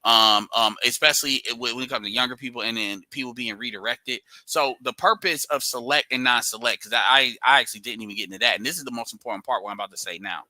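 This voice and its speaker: Bright-voiced man rambling on a stream. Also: mid-range voice, fast talker, hardly any pauses, dry recording, rough recording. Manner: loose, rambling explanations with many restarts. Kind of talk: casual livestream chat.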